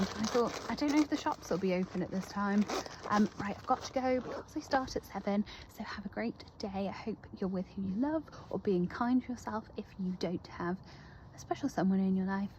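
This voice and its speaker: A woman's voice: medium pitch, fairly quick, background noise. A young woman talking to camera in a chatty daily vlog, rambling with lots of ums and likes. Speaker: vlogger.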